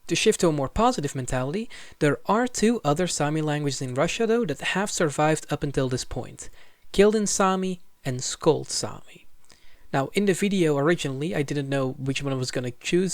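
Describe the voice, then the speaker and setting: A man's voice: a little high, no echo, clean studio sound. A man narrating an educational video in a scripted style, with wry, casual asides and sudden emphatic jumps. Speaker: language video creator.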